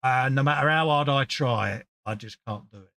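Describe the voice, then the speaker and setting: A man's voice: mid-range voice, moderate pace, vocal fry, pushed and bright, no room sound. A British man co-hosting a casual late-night chat, bantering and telling stories with acted-out quotes. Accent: British English. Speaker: co-host.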